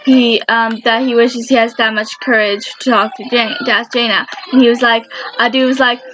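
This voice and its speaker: A woman's voice: on the high side, fairly even intonation, moderate pace. A woman giving a casual fan commentary countdown, rambling and enthusiastic and often correcting herself. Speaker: fan video creator. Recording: dull lo-fi sound with faint noise.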